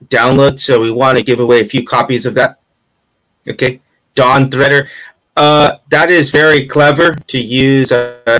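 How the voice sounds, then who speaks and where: A man hosts a relaxed interview in a mid-range voice, asking loose, rambling questions. He teases his guest playfully as he goes. His pitch sits right in the middle, neither high nor low. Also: rough recording. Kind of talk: casual interview.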